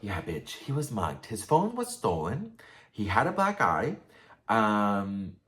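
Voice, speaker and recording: A man's voice: on the low side, huge pitch swings, takes it slowly, fairly bright tone. A young man telling a personal story in a casual, profane, gossipy way, full of fillers and asides to his viewers. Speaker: storytime vlogger.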